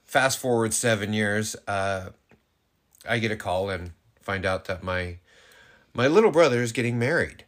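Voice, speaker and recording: A man's voice: lowish voice, animated, a little slow. A man co-hosting a podcast, telling a story in a casual chat with many fillers and restarts. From California. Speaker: podcast co-host.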